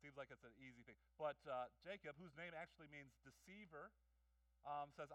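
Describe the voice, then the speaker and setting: Animated high-voiced male pastor. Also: moderate pace, no room sound, distant mic, poor audio. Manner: animated storytelling with jokes and acted-out voices. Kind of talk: sermon. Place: church hall.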